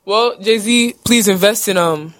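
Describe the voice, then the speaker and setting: A young woman hosting a podcast, chatty and playful, quick with a joke. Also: medium pitch, a bit bright, dry recording. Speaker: podcast host. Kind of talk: casual podcast chat.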